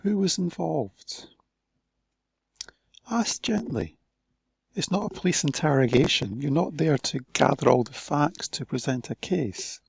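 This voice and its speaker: A man delivers a conference talk in a slow, measured way, leaving pauses between his phrases. His voice sits a little high for a man and has a husky, gravelly grain. The sound is dry and close, with little room around it. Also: expressive, no room sound. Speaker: conference speaker.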